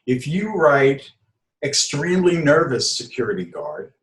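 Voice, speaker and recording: A man's voice: on the high side, sing-song. Older male comedy writer, talks shop and acts out bits; roomy sound. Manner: acts out quick character voices in examples. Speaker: comedy writer and improv teacher. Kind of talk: interview answers.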